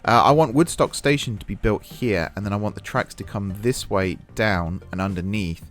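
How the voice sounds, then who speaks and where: A man's voice: on the low side, moderate pace, fairly bright tone, soft background music. A man hosting a casual let's-play, chatting and thinking aloud while he builds, and poking fun at his own mistakes. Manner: self-deprecating about mistakes. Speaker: gaming channel host.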